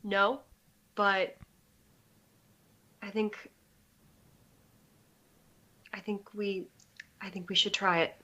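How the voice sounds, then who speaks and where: A woman plays her character in a tabletop role-playing game, talking haltingly with many restarts. Her voice is bright and clear in tone. The recording is dull and lo-fi. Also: mid-range voice, little pitch movement. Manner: hesitant, many restarts and fillers. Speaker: player.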